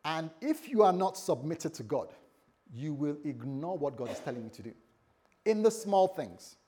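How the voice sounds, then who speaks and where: A man's voice: a little high, lively intonation, moderate pace, a little mellow, slight background noise. A man preaching a sermon as a pastor, in a conversational way, with frequent restarts and acted-out dialogue.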